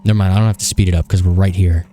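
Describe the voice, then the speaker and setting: A man's voice: sits low, very fast. A young man casually commenting while playing a video game, swearing often and talking to the characters. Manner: profane, excitable, talks to the game. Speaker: gaming video host. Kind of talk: casual let's-play commentary.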